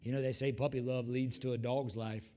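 A man's voice: medium pitch, level tone, fairly quick, a little mellow. An older man, preaching a sermon as pastor, fervent with repeated hallelujahs and folksy asides.

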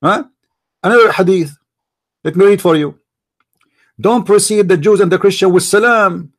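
A man's voice: high voice, normal speed. A man whose first language is Arabic, hosting a heated live online debate, taunting and repeating himself as he talks over his opponent. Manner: taunting, repetitive, talks over the other speaker. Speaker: debate host.

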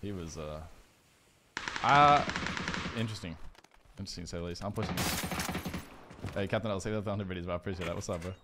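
A man with an Australian accent, streaming a shooter game with fast joking banter and trash talk. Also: low voice, very noisy. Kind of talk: casual chat while livestreaming a shooter game. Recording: loud game gunfire behind voice.

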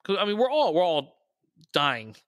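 Male podcast guest with a bright, dry voice who tells stories and acts out the quotes. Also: high-pitched, big pitch swings, moderate pace, dry recording. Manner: storytelling, raises his voice to quote people. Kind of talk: casual podcast conversation.

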